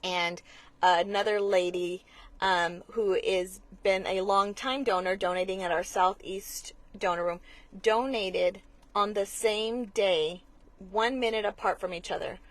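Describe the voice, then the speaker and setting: A woman who works as a blood center marketing manager appears as a guest in a conversational interview, speaking earnestly and explaining things. She frequently restarts sentences and fills gaps with small hesitations, her ordinary mid-range voice keeping a fairly even intonation with no echo.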